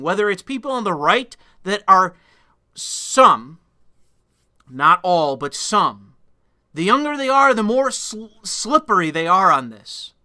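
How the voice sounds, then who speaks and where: A political commentator with a high, sharp voice rants solo, bluntly, profanely and with heavy emphasis.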